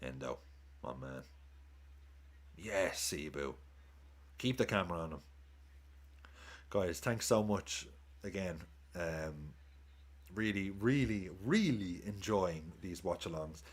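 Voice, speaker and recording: A man's voice: low voice, lively intonation, slow pace, long pauses, slightly rough. A man streaming a live football watchalong, chatting casually, swearing, cheering goals and thanking viewers for tips.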